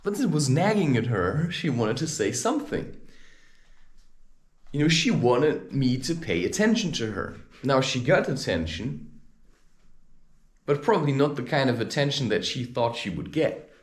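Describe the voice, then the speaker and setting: Speaking at a measured pace in a medium-pitched voice, a spiritual advice vlogger rants in a heated, animated monologue from an echoey room. He tells the story of a confrontation and reflects on how he reacts to people.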